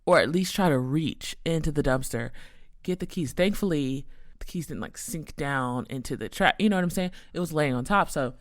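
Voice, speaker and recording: Animated woman telling a rambling story. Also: sits low, normal speed, no echo, clean studio sound. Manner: animated, rambling, full of "like" fillers. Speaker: podcast host. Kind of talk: casual storytelling to listeners.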